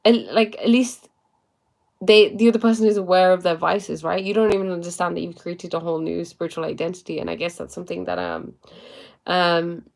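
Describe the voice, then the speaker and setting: A woman's voice: lowish voice, expressive, brisk, vocal fry, a little mellow. A young woman casually giving spiritual and motivational talk to live viewers, chatty and full of fillers. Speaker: livestream host.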